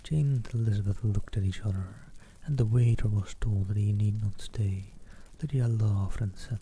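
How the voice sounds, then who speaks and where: A man reading a classic novel aloud in a soft, hushed voice, often dropping to a whisper. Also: lowish voice, steady tone, normal speed, few pauses, a little hiss or hum, rough recording. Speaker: narrator. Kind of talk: audiobook reading, partly whispered.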